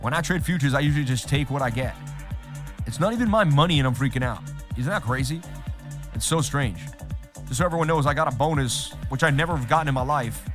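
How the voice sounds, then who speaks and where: A man hosting a casual livestream about trading, chatting in a rambling, repetitive way. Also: mid-range voice.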